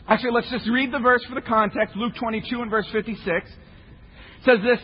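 Husky high male preacher, shouts then hushes, echoey hall, slightly muffled. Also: steady tone, a little fast. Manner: impassioned, swinging from shouting to hushed. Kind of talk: sermon.

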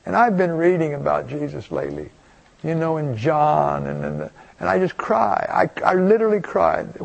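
A man's voice: high voice, big pitch swings, normal speed, gravelly. An older man preaching a folksy, rambling storytelling sermon, full of asides and restarts.

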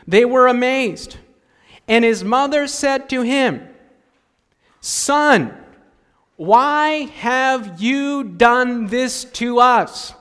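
Male pastor, high voice, slow deliberate sermon delivery with acted-out voices, reverberant hall. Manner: animated storytelling, acts out parents' voices.

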